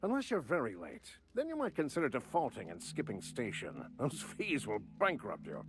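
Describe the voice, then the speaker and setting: An actor playing a swaggering, boastful male ship captain in a video game, with a booming announcer-like delivery and grandiose, old-fashioned phrasing. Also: wildly swooping pitch, normal speed.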